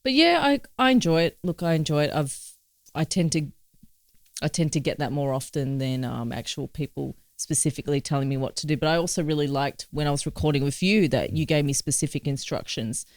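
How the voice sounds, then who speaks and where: A woman's voice: sits low, fairly quick, no room sound, clean studio sound. A woman co-hosting a music podcast, chatting in an upbeat way with frequent fillers. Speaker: podcast co-host, violinist and flutist. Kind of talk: casual conversation about music.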